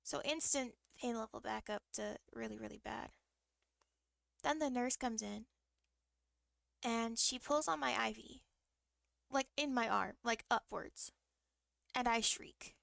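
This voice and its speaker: Gravelly-voiced woman streamer rambling through a story. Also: on the high side, a little slow, long pauses, fairly bright tone, dry recording, studio quality. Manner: rambling, full of fillers and restarts; emotional, vivid retelling. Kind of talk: casual storytelling.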